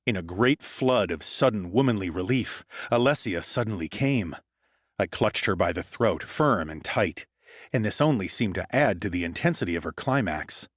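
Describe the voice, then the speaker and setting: Male audiobook narrator, very low voice, cool and matter-of-fact, dry close mic. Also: dry recording. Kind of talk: first-person scripted narration.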